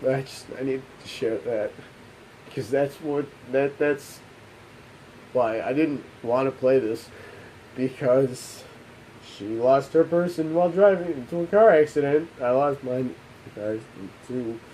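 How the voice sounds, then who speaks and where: A young man with a mellow, darkish voice tells a painful memory from his own life. He talks haltingly and restarts often, and his voice sinks low as he fights back tears. A faint hiss of noise sits under the recording. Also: low-quality recording. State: emotional, holding back tears. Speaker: gaming channel host. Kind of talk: emotional personal storytelling.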